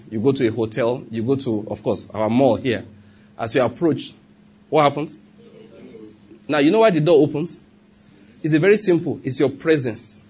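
A man with a Nigerian accent preaching a sermon as pastor, animated and humorous, asking the congregation rhetorical questions. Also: a little high, breathy edge.

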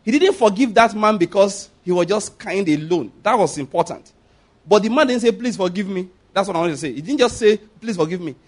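A man preaching a sermon as pastor, emphatic, often asking the congregation if they follow and swinging between loud and hushed delivery. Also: sits high, expressive, fairly quick.

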